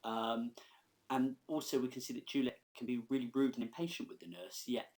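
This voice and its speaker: A man's voice: mid-range voice, fairly even intonation, brisk, a little mellow. A male teacher giving a recorded lesson in a conversational, explanatory way, often checking in with his students. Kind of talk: recorded classroom lesson over slides.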